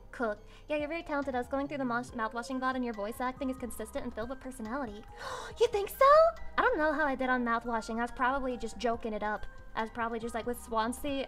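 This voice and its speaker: A woman livestreamer chatting casually with her viewers, excitable and swearing freely. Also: sits high. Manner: excitable and swearing, with squeals and laughs.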